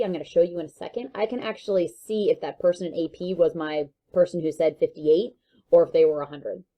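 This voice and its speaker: A woman's voice: fairly low pitch, dark tone. A woman teacher giving a recorded online lesson, talking in a casual, joking way with many fillers.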